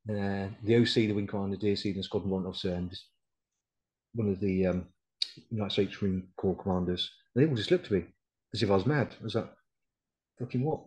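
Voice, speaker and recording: Blunt, sweary veteran man, low voice. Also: fast talker, a little mellow, low-quality recording. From United Kingdom. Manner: blunt, sweary, quotes others as he tells it. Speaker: podcast guest, decorated RAF Regiment veteran. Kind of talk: casual storytelling interview.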